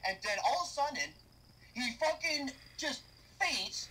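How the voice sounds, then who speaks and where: A young man ranting as a movie reviewer, loud and exasperated, with constant swearing. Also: extremely high pitch, expressive, unhurried, slightly rough, low-quality recording. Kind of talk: profane comedic movie rant.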